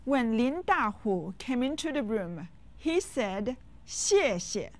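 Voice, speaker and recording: A woman teaching beginner phrases in a clear, instructive scripted lesson. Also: fairly high pitch, big pitch swings, slow. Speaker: language teacher.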